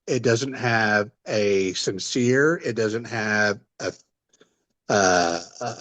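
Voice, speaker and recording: American man, hesitant, searching for words, mid-range voice, slow pace. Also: medium pitch. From United States. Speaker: guest. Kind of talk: casual conversation.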